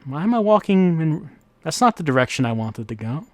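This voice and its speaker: Guy doing casual let's-play commentary, kinda high voice, dry sound, wry and thinking out loud. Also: sing-song, brisk, no room sound. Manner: wry, musing, thinking aloud. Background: faint game music.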